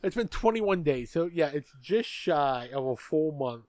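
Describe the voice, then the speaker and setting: A man's voice: on the high side, animated, measured pace, a little mellow, no room sound. A man co-hosting a podcast in casual political chat, blunt and profane, often stumbling over repeated words. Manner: blunt, profane, stammers on restarts. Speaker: podcast co-host.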